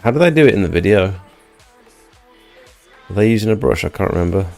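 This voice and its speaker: A man's voice: on the low side, animated, a little fast, gravelly, a little mellow, faint music behind. A man hosting a casual livestream, chatting and reading out viewer comments. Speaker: livestream host.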